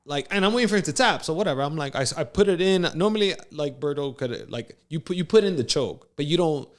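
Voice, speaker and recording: A man co-hosting a casual podcast, telling a story with lively acted-out quotes and frequent laughs. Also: fairly high pitch, fast. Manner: animated storyteller, acts out quotes, laughs often. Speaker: podcast co-host.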